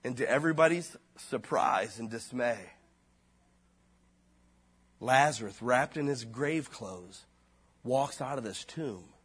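A pastor preaching a sermon in a casual, slangy way, his voice dropping low and then rising loud. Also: animated, takes it slowly, long pauses, husky.

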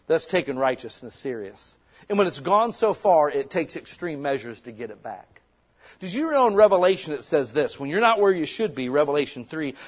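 Pastor, middle-aged man, fervent conversational sermon, husky and fairly high-pitched. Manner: impassioned, conversational preaching with rhetorical questions.

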